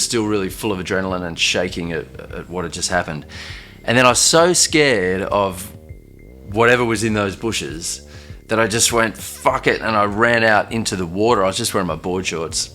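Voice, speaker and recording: A young man telling a personal story in a loose, halting way, full of fillers and restarts. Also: low-pitched, sharp tone. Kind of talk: casual first-person storytelling. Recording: faint music underneath.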